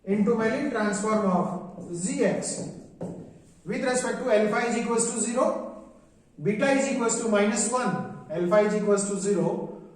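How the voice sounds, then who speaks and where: A high-pitched man lectures in a large classroom, reading out formulas slowly and repeating himself as he works through each step. His voice sits far from the mic and rings with heavy echo. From India. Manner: slow step-by-step dictation of formulas, repeating phrases. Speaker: mathematics lecturer. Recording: very echoey room, voice far from the mic.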